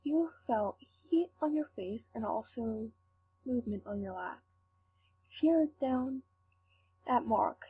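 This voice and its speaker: A woman reading fan fiction aloud, slowly and carefully. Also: a little high, animated. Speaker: fanfic reader. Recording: tinny lo-fi with faint hum.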